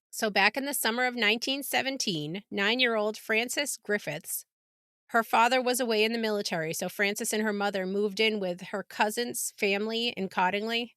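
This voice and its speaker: A woman hosting a casual podcast, chatting and telling a story with frequent laughs and quick asides. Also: mid-range voice, fairly bright tone, smooth, dry recording, clean studio sound. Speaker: podcast host.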